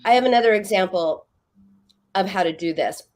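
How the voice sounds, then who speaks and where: A middle-aged woman, a psychoanalyst guest in an interview, explaining calmly and acting out little scenes as she talks. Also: mid-range voice, brisk, a little hiss or hum. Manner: animated storytelling, acts out quoted voices. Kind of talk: interview conversation.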